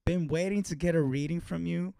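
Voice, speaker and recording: A man's voice: on the high side, brisk, creaky, dark tone. A man hosting a podcast, reading viewer messages aloud with laughs in casual chat. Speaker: podcast host reading super chats.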